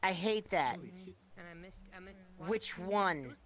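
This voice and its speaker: A man's voice: high-pitched, lively intonation, drawn-out words, a crowd in the background. A man telling rambling stories in a casual voice chat over a headset mic. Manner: rambling storyteller. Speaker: guest.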